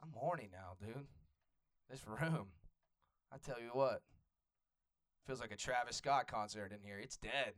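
Speaking a little slowly and pausing often, a young Atlanta comic with a Southern Atlanta accent riffs with the crowd on a comedy club stage. His mid-range voice is a bit bright, and his crowd work is loose and profane.

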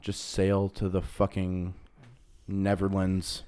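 Young male co-host, low-pitched, swears freely, loose and jokey. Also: completely flat delivery, takes it slowly, mellow, slight background noise. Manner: profane, laid-back, jokey. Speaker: podcast co-host. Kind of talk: crude casual banter.

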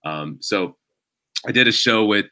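A man with a low, bright voice, talking through his stand-up stories in an easy, animated way. The sound is dry and close, with no room around it. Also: unhurried, dry recording. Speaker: stand-up comedian. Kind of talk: casual podcast chat.

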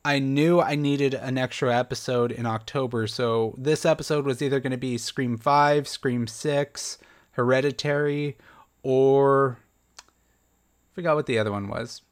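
A man's voice: medium pitch, steady tone, a little slow. A young man hosting a solo podcast, reviewing a horror film in a casual, chatty, self-deprecating way with light laughs.

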